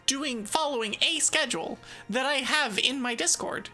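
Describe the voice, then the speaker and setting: This is a woman VTuber chatting live with her chat in a bubbly, sarcastic, giggly way. Her voice is high, bright and forward. It swoops widely in pitch, and faint game music plays underneath. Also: moderate pace. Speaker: VTuber streamer. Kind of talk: casual live-stream chat, answering chat.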